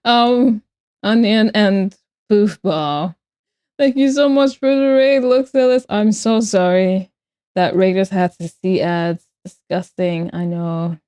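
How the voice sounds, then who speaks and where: A woman's voice: mid-range voice, takes it slowly, darkish tone, clear, resonant tone. A young woman livestreaming as she draws, chatting playfully and answering her viewers' messages aloud. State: out of breath. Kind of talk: casual livestream chat while drawing.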